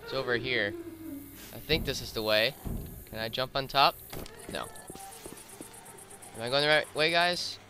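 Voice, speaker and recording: A man's voice: mid-range voice, unhurried, pauses often, sharp tone. Chatty man narrating a zombie game. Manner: chatty, narrates his own moves, easily alarmed. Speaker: gameplay commentator. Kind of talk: casual let's-play commentary. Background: game music and gunfire.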